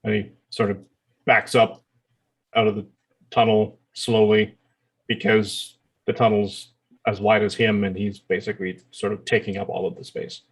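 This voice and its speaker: A man narrating as dungeon master in a tabletop game, with halting, filler-heavy delivery. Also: on the low side, flat delivery, husky.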